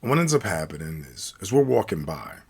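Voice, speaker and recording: Gravelly, husky American man telling stories. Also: low-pitched, brisk. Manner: animated, slangy, acts out quoted speech. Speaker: storyteller, channel host. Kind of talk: casual storytelling of a night out.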